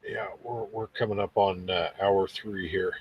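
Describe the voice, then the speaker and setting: A man's voice: deep voice, fairly even intonation, measured pace, muffled recording, a little hiss or hum. A man hosting a casual podcast chat, rambling easily through stories with stammers and restarts.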